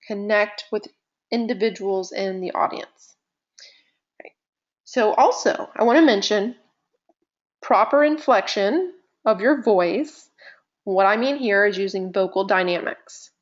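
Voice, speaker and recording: A woman teaching presentation skills in a live online session, talking conversationally with deliberate pauses and shifting loudness. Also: medium pitch, muffled recording. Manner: animated, conversational, uses deliberate pauses and vocal dynamics.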